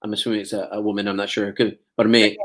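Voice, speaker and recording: A man's voice: fairly low pitch, flat delivery, racing, fairly bright tone. Chatty man telling anecdotes. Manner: chatty storyteller, laughs often. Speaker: actor and interview guest. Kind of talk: casual interview chat.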